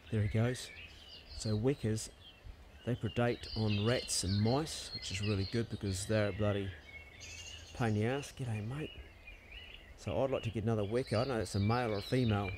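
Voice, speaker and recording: A man's voice: on the low side, background noise. A man with a New Zealand accent giving casual, slangy commentary while filming wildlife outdoors on his farm with a handheld camera. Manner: relaxed, laid-back, slangy narrating while filming wildlife. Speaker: farm vlogger. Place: outdoors on a farm by native bush. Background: faint birdsong and outdoor ambience.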